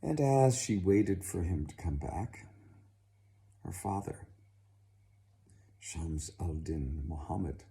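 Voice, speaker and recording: Male storyteller, deep voice, very dark tone, slow, animated pitch. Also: gravelly. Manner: slow, dramatic, expressive. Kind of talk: storytelling narration.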